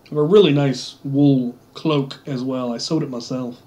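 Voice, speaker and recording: A man's voice: mid-range voice, steady tone, moderate pace, warm tone. A man chatting casually while gaming, telling rambling stories with a wry, offhand manner. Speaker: streamer.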